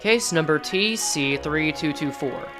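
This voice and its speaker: Officious male enforcer, procedural tone, low and lively, woman voicing. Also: measured pace, over music. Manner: formal, procedural.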